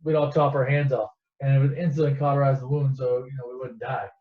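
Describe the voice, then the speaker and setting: A man's voice: medium pitch, little pitch movement, quick pace, natural voice. Guy doing a chill old mentor dude, talks like its no big deal, dull echoey sound. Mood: casual.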